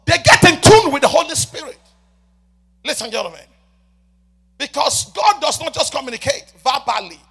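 A man preaching a sermon as a prophet, swinging between loud shouts and soft murmured prayer and repeatedly addressing the congregation. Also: very high-pitched, big pitch swings, moderate pace, vocal fry, pauses often. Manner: repeats "ladies and gentlemen" often.

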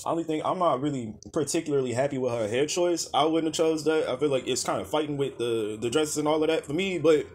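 A man's voice: fairly high pitch, fast, hardly any pauses. Profane, exasperated man roasting outfits. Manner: blunt, profane, exasperated rants with repeated name calls. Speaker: fashion critic. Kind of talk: profane red carpet roast.

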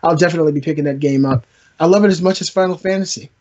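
Male podcast host, high-pitched, loose and joking, muffled lo-fi mic. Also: very fast, darkish tone. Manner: rambling, joking, trash-talking. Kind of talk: casual gaming podcast chat.

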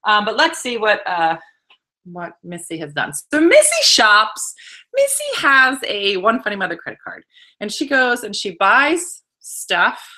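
Middle-aged female host, casual and laughing, bright and animated delivery. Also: mid-range voice, measured pace. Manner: chatty, laughing, reading viewer comments aloud. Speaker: host of a live wine-tasting show. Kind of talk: casual livestream chat.

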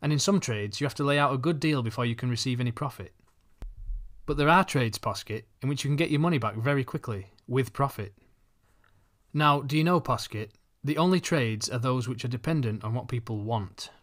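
A man voicing a thin, money-minded schoolboy who talks calmly and deliberately. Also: medium pitch, close to an everyday voice. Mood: calculating. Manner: calm, calculating, deliberate.

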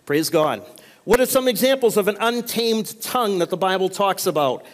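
A man's voice: sits high, lively intonation, normal speed. A man preaching a sermon as pastor, asking the congregation for amens between points. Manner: call-and-response preaching, frequent amens. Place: church sanctuary. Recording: long reverb of a church hall.

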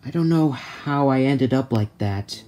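A man's voice: mid-range voice, a little slow, a little mellow, faint music behind, close to an everyday voice. A man voicing an earnest young male spider hero in a plush toy play, speaking plainly and without hurry.

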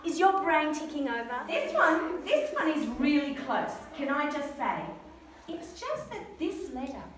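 A woman's voice: high-pitched, sing-song, unhurried. A woman teaching a spelling lesson to young pupils, coaxing them with questions and spelling out letters one by one. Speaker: primary school teacher. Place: echoey classroom. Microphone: camera at a distance. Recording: echoey room, far from mic, faint noise.

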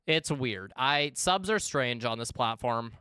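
Bright, animated gaming streamer man. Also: medium pitch, measured pace, clear, resonant tone, dry recording, studio quality. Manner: rambling, profane, talks to chat. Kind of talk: casual live-stream chat while gaming.

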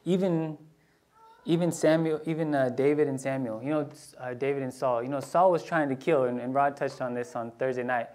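A man's voice: mid-range voice, fairly quick, darkish tone. Casual storytelling male pastor. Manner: casual, storytelling, many restarts and asides. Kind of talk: conversational sermon with personal stories. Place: church sanctuary.

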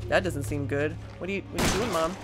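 A woman's voice: deep voice, fast, loud music behind the voice. Panicky young woman narrating a horror game. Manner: panicky, rambling, swearing, talks to the game. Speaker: gaming streamer. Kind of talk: let's play commentary.

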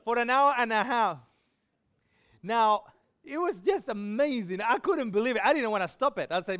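A man preaching with a high, smooth and resonant voice, telling a personal story with animation. He acts out the people he quotes. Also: moderate pace, a bit bright. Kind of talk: storytelling sermon.

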